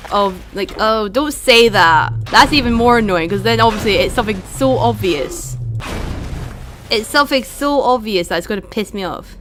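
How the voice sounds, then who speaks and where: A woman's voice: medium pitch, a bit bright, slight background noise. A young woman, streaming a video game and chatting with her viewers, swearing and venting her frustration. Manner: swearing, talking to chat, frustrated outbursts. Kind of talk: casual live-stream commentary.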